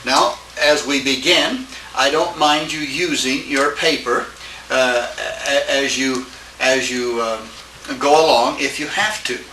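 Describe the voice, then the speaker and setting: Slow, bright-voiced male teacher lecturing. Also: medium pitch, steady tone. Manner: halting, checks with students by asking "isn't it?". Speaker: Greek teacher. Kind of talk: classroom lecture. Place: classroom. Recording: echoey room, distant mic, faint hiss.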